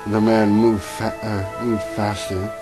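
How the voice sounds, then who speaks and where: Deep-voiced man mocking a fanfic. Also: level tone, slow pace, over music, rough recording. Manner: wry, mocking, stumbles and corrects himself. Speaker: fanfiction reader. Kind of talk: comedic reading with asides.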